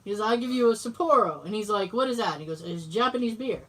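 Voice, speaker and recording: A woman co-hosting a podcast spins a story in a casual conversation, performing the quoted lines and cursing freely. She talks fast at medium pitch with lively intonation. Her voice sits far from the microphone.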